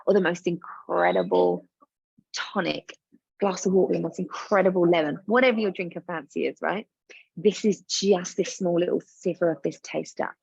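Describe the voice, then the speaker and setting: A woman's voice: lowish voice, vocal fry, darkish tone, slightly rough, no room sound, lo-fi sound. A woman business coach leading listeners through a guided coaching exercise, soothing and encouraging, often repeating her instructions.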